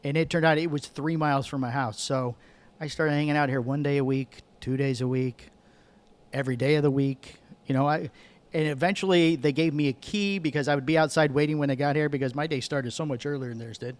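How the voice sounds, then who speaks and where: A man's voice: on the high side, fairly even intonation, brisk. A middle-aged man from Michigan telling a rambling story as a podcast guest, correcting himself as he goes. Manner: rambling, self-correcting, chatty. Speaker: guest, cigar sales manager. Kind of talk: casual storytelling.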